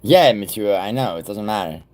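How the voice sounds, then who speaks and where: Man, deep voice, livestream host, casual chat, profane, rambling, loud bursts. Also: animated, moderate pace. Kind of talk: casual live-stream chat reacting to viewers.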